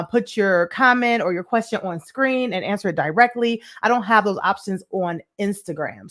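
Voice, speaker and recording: A woman's voice: a little high, fairly bright tone. A woman hosting a live money show, chatting with viewers and greeting them by name, with plenty of laughter. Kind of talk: live-stream chat with viewers.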